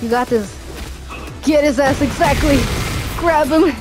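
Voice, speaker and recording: A woman doing let's play commentary, excitable and cheering herself on, swearing freely, with game music behind. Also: sits high, unhurried. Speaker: gamer. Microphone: headphones.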